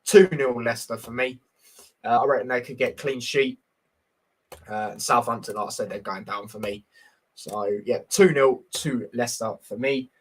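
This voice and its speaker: A man's voice: mid-range voice, normal speed. A young man giving casual, blunt football predictions on a livestream, reading stats and viewer comments with lots of fillers.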